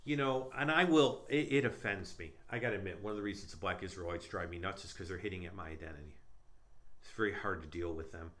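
A man with a fairly low voice speaks in a casual faith discussion as a missionary. His delivery is emphatic and animated, jumping up for punchlines and dropping low for asides. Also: fast talker. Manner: animated, emphatic, swings between loud punchlines and quiet asides. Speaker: Jewish missionary.

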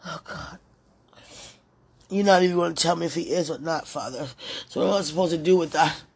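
A woman speaking an emotional prayer out loud, pleading and tender, repeating her phrases. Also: low voice, brisk, vocal fry, slightly rough.

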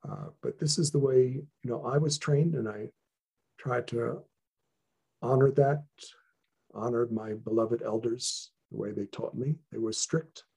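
A man speaking as an interview guest, sharing serious stories about his training in an earnest, measured way with frequent restarts. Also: medium pitch, vocal fry, dark tone, husky. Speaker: guest, traditional healer. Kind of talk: interview, reflective storytelling.

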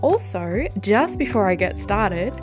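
Excitable woman hosting a chatty podcast. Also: mid-range voice, unhurried, music in the background. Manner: excitable, laughs often, swears casually. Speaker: podcast host. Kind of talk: casual podcast review. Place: home study.

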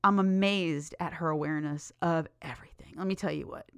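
A woman's voice: low voice, steady tone, brisk, vocal fry, clear, resonant tone, dry recording. A woman hosting her own podcast in a bubbly, enthusiastic, chatty way. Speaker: podcast host. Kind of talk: casual solo podcast chat.

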